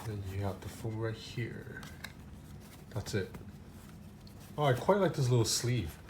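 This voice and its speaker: A man's voice: fairly low pitch, expressive, measured pace, very noisy. A man reviewing a gadget in a casual unboxing, talking loosely with many fillers and restarts.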